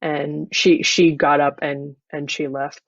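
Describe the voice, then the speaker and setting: This improv comedy guest, staying in character for an improvised interview, sounds gravelly and deadpan, speaking flatly at a middle pitch and taking it slowly. The audio is a dry, dull, lo-fi video call recording with no room echo.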